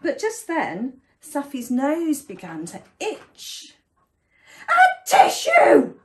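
A woman reading a picture book aloud for children in an animated, sing-song storytime manner. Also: high-pitched, takes it slowly, background noise. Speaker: storytime reader.

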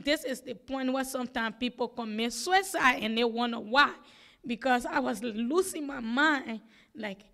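A woman's voice: high voice, a bit bright. A woman who grew up in the United States, a single mother giving earnest, pleading public comment at a hearing.

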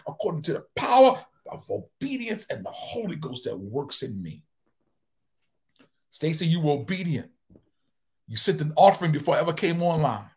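Older man, bishop, fervent sermon, raspy gravelly tone, swings from soft storytelling to loud cries. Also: fairly high pitch. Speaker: bishop and preacher. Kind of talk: livestreamed sermon.

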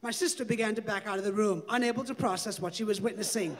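High-voiced man reading comic memoir. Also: quick pace, a bit bright. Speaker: author reading his memoir.

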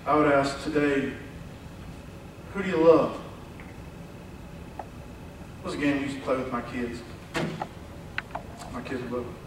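A man preaching a sermon as pastor, animated, acting out quoted voices and dropping from loud to hushed. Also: mid-range voice, unhurried, pauses often, slight background noise. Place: church sanctuary. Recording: echoey church hall from far off.

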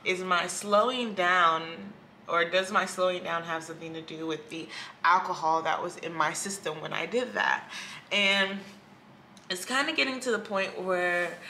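A woman's voice: lowish voice, unhurried, sharp tone, a little hiss or hum. A woman vlogging candidly at home by a window, talking in a reflective, rambling and hesitant way. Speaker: YouTuber. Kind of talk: candid personal vlog. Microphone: camera.

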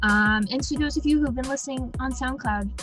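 A woman's voice: high-pitched, quick pace, fairly bright tone, soft background music. A woman hosting a podcast, chatting in a bubbly, rambling way with many ums as she wraps up the episode. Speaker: podcast host. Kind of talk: casual chat, sign-off.

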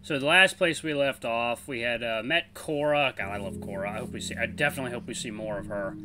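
A man hosting a let's play, reading a visual novel aloud in a chatty, animated way. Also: mid-range voice. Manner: animated, chatty, quick laughs.

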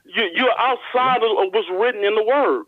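A man on a call-in radio show, explaining and reading scripture slowly with emphasis, stumbling into frequent restarts. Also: high voice. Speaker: guest Bible teacher. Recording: phone line audio.

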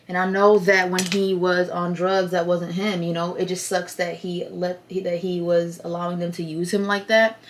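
A woman in her twenties chats candidly into her phone camera at home, sharing a story the way she would with a friend. Her voice sits a little low, and her talk is loose and full of "like" and "you know". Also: fairly bright tone. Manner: candid, chatty, filler-heavy with frequent "like". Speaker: vlogger. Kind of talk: casual storytime chat. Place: indoors at home. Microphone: phone camera at close range.

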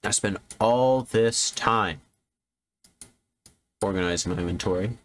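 A man giving casual, profane commentary while streaming a video game, reacting loudly when surprised. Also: lowish voice, measured pace. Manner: swearing, animated, jumps to yelps when surprised. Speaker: gaming streamer.

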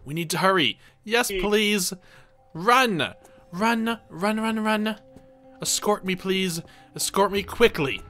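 A man giving excitable let's play commentary, reading game dialogue aloud and yelping when things go wrong. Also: sits high, slow, faint music behind. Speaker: gaming video creator.

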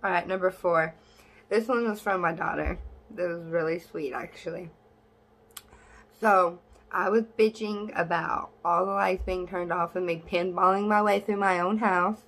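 This is a young woman talking casually to her own camera. She is blunt and sassy, swears without a second thought, and shoots up high in pitch whenever something annoys her. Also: steady tone, normal speed, fairly bright tone. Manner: voice jumps high when exasperated. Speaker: vlogger.

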